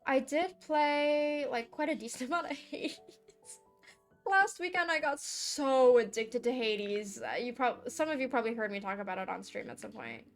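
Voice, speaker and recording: Young woman, art streamer, casual chat, giggly, slightly high voice, desk mic. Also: lively intonation, moderate pace. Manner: chatty and giggly, baby talk to her cat. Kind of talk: casual chat while drawing. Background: soft background music.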